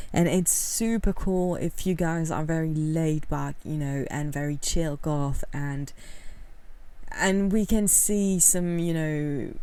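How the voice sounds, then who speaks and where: A woman giving casual talking-head commentary for a video essay, candid and rambling, with many fillers and soft laughs. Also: low-pitched, clear, resonant tone, dry recording.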